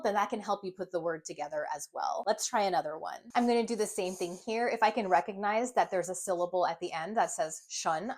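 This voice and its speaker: A woman reading teacher giving a clear, patient lesson, sounding out long words slowly. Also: mid-range voice. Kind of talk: instructional video lesson.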